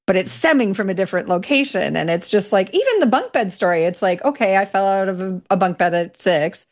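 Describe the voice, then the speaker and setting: A woman hosting a podcast in casual conversation, animated and acting out little quotes. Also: mid-range voice, a little fast. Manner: animated, acts out voices and quotes. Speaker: podcast host.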